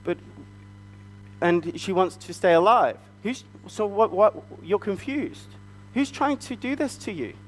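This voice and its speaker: Slow, high-voiced man leading a church story. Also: long reverb tail, slight background noise. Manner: animated, coaxing questions to children. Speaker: children's storyteller at a church family service. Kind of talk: interactive retelling of a Bible story. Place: church hall.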